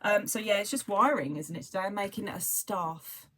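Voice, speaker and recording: A woman's voice: mid-range voice, normal speed, pushed and bright, a little hiss or hum. A woman with a southern English accent, chatting casually and rambling as host of a crochet livestream. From southern England. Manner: chatty, rambling, self-described waffler. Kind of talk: casual chat.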